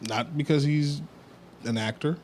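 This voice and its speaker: A man's voice: on the high side, a little slow, darkish tone, a little hiss or hum. A man hosts a casual podcast in a loose storytelling manner. He drops blunt opinions in an easygoing way. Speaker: podcast host. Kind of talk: casual chat.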